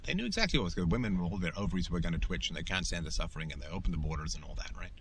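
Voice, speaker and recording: A man's voice: low-pitched, expressive, racing, fairly bright tone, a little hiss or hum. A middle-aged man hosting a show, delivering an emphatic, opinionated monologue in a lecturing manner. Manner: emphatic, lecturing, acts out quoted voices. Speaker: podcast host.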